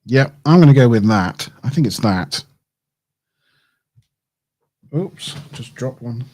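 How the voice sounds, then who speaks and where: A man's voice: medium pitch, lively intonation, normal speed, darkish tone. A man chatting casually on a livestream as he builds a model kit, thinking aloud, chuckling and correcting himself as he goes. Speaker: streamer.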